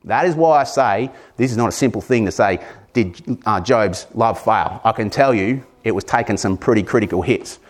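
A man's voice: fairly low pitch, animated, normal speed. Earnest Australian man preaching. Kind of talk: sermon.

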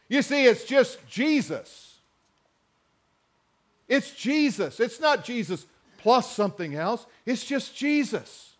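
Man preaching, high voice, emphatic, slow drawn-out scripture reading, calls to the crowd. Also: big pitch swings. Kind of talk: sermon.

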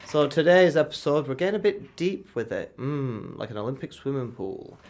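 In a radio studio, a young man with a medium-pitched voice co-hosts a student radio show at a moderate pace. He banters casually and tells animated stories, inventing characters on the fly.

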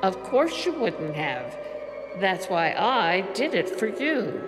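A cool, taunting female double from an old radio drama, who speaks slowly with a lively, swooping pitch. Her voice carries a long hall reverb under loud music. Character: cold sinister female double, calm killer. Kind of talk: 1940s radio acting.

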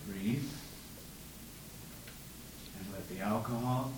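A man reading Evan, a calm, reassuring young man who speaks very slowly. The room is echoey and loud noise runs under the voice. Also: on the low side. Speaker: reader in a live screenplay reading.

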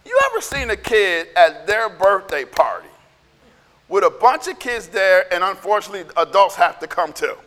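High-voiced animated male preacher in a hall. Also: normal speed. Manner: playful, emphatic, often shouting for emphasis. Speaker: Bible teacher. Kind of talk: animated sermon with acted-out quotes.

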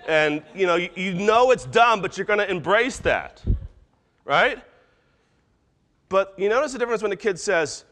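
A man preaching a sermon, animated, acting out quoted voices as he goes. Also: high voice, moderate pace, long reverb tail. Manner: animated, acts out voices of disciples and God. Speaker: pastor.

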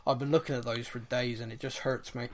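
Talking fast in a level, medium-pitched voice, a man co-hosts a podcast. He rambles through the casual chat, laughing and putting himself down.

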